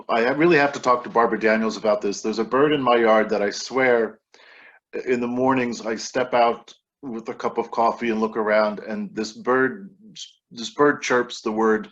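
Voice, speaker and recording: A man reading his own poems aloud with relaxed, wry asides between them, heard over a video call. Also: lowish voice. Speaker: poet reading his work. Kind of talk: poetry reading. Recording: dull lo-fi video-call audio.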